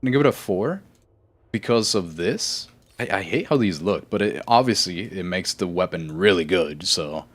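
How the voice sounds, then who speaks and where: Low-voiced man rambling on a game stream. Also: animated, normal speed. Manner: rambling, self-correcting, laughs easily. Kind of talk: casual live-stream chat.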